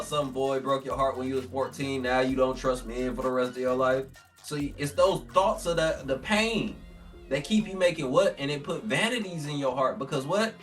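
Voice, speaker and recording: A man with a medium-pitched, fairly bright voice, recorded from a distance, gives an informal scripture lesson. He reads the old text aloud, then explains it in casual slang, acting out the voices he quotes.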